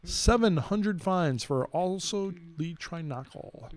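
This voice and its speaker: A man hosts a casual podcast, announcing listener milestones in an upbeat, emphatic way. He stretches out the numbers as he reads them. His voice sits a little higher than usual for a man. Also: lively intonation, slow, no echo. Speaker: podcast host.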